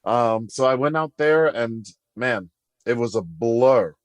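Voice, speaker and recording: A man guest on a podcast, telling a story in a casual, animated way, acting out quotes and laughing as he goes. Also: medium pitch, takes it slowly, no room sound.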